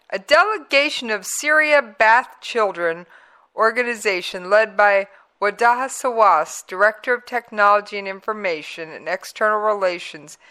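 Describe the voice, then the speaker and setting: A woman talk radio host with a bright, forward tone and an unhurried delivery. She talks in a conversational, emphatic way, leaning on pauses for effect. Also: mid-range voice. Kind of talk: talk radio commentary with played clips.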